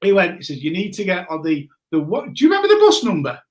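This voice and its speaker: A man in his forties telling a story in a casual chat, animated and laughing often, greeting viewers as he goes. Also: high voice, fast talker. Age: 40s. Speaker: guest.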